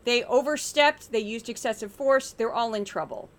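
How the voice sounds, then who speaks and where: A woman with a somewhat high voice hosts a media-commentary podcast. She talks with sarcastic exasperation and pointed emphasis. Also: moderate pace. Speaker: podcast host.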